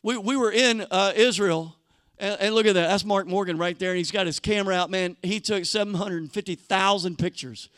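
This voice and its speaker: A male pastor delivering a sermon in an animated, conversational storytelling style, often restarting his sentences. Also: high voice, a little fast, clear, resonant tone, no room sound, studio quality.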